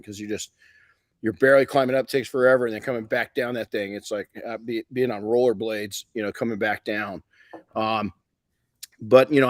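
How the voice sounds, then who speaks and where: A middle-aged man from Southern California hosts a live podcast, spinning stories in a rambling, folksy style full of restarts. He's a podcast host and detailing educator with a mid-range voice, recorded in a clean studio with no echo.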